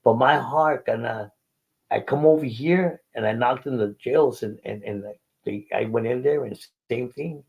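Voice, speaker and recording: A man's voice: mid-range voice, normal speed, gravelly, husky, narrow, tinny audio. An older man, telling a faith testimony in an interview and acting out the dialogue earnestly. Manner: earnest storytelling, acts out dialogue. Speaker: guest.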